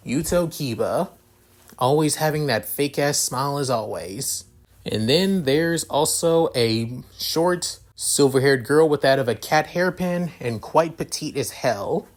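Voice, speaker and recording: Male narrator, rambling, filler words, casual cursing, fan story reading. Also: medium pitch.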